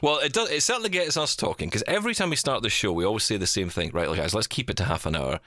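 A man's voice: lowish voice, expressive, fast, pushed and bright, no echo, studio quality. A man hosting a casual podcast panel chat, rambling and self-deprecating. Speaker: podcast host.

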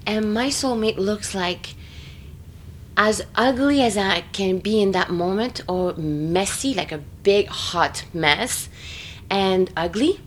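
A woman in a casual, expressive chat, full of fillers and quick laughter. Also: medium pitch, a little hiss or hum. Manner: chatty and expressive, many fillers, frequent laughter.

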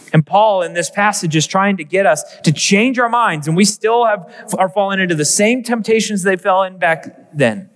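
Young pastor guy preaching hard, high-ish voice, big echoey church. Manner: earnest, emphatic preaching with dramatic pauses. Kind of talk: sermon. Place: church sanctuary. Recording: long reverb of a church hall.

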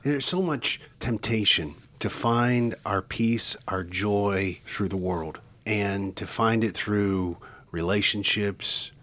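A man co-hosting a devotional podcast, teaching in an earnest, preacherly way and slowing down for emphasis. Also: fairly low pitch, fairly bright tone. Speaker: podcast co-host.

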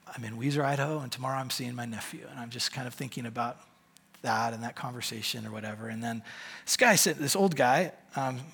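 A middle-aged male pastor telling a story in a sermon, halting and self-deprecating, with a raspy voice. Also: medium pitch, a bit bright.

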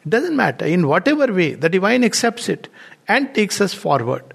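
A man gives a spiritual talk, his fairly high voice carrying a gravelly edge. He tells anecdotes loosely, with fillers, as he explains his teaching. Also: very animated, moderate pace. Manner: anecdotal, warm storytelling with frequent fillers and laughs.

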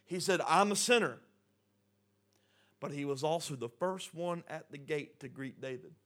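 A man preaching a sermon, talking conversationally, dropping soft and then building up. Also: a little high, normal speed. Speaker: pastor.

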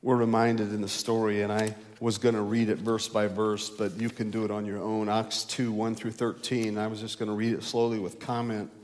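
A male pastor preaching a sermon, rising loud and high to stress a point, then dropping low and slow. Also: flat delivery. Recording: long hall reverb.

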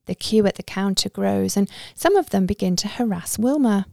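A woman's voice: medium pitch, lively intonation, moderate pace, vocal fry, a little mellow, no echo, studio quality. A woman narrating a story in a conversational first-person way.

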